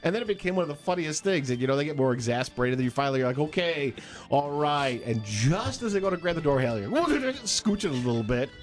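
A man's voice: fairly high pitch, fast talker, hardly any pauses, soft background music. A man chatting casually on a podcast, telling stories and acting out quotes. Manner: animated storyteller, acts out quotes.

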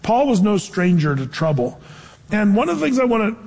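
A man preaching a sermon, animated, acting out quoted people in high, playful voices. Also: a little fast, creaky, big-room sound. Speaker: pastor.

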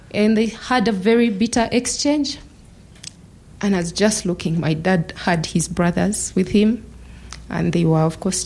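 Low-voiced woman telling her story. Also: a little mellow, slightly rough, low-quality recording. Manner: measured, reflective storytelling with pauses. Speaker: human rights lawyer giving a talk. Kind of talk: personal storytelling talk.

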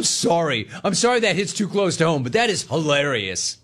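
Male sports radio host, slightly high voice, sarcastic and mocking. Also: big pitch swings, moderate pace, hardly any pauses, a bit bright. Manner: sarcastic, mocking, laughing at callers. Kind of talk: sports talk radio monologue.

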